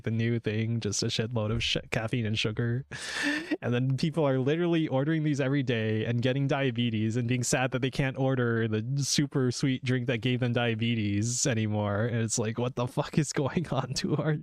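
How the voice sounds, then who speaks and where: A man's voice: medium pitch, no echo, clean studio sound. Rambling, cussing streamer guy. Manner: rambling and chatty, swears freely, laughs often. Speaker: VTuber game developer streamer. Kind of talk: casual live-stream chat.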